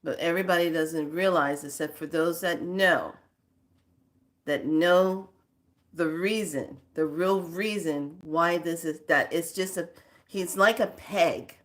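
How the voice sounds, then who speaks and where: A spirituality teacher with a lowish voice tells a story in a relaxed, drawn-out manner. Her speech is packed with filler phrases.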